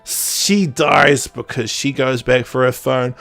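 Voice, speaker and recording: A man's voice: medium pitch, fairly even intonation, slow pace, vocal fry, fairly bright tone. A young man co-hosting a podcast, rambling and sarcastic in casual chat, laughing often. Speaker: podcast co-host.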